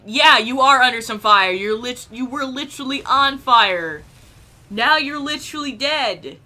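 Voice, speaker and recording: A woman giving silly, animated let's-play commentary, chatting to the game characters as she plays. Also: high voice, unhurried. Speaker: gameplay commentator.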